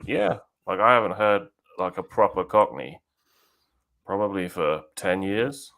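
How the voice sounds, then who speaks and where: Low-voiced southern English man chatting. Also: measured pace, a bit bright. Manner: blunt, chatty, laughs easily. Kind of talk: casual chat.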